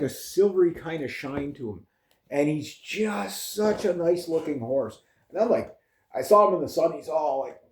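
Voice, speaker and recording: A middle-aged man talks in a loose, meandering way, scattering fillers and chuckling asides as he goes. His voice is mellow and on the dark side. The room around him carries a noticeable echo. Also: mid-range voice. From Canada. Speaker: vlogger. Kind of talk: rambling casual monologue. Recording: roomy echo.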